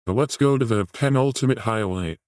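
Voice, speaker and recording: A man hosting a comedy show, reacting to news and clips with deadpan, profane sarcasm. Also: mid-range voice, fairly quick, no echo, poor audio. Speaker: show host.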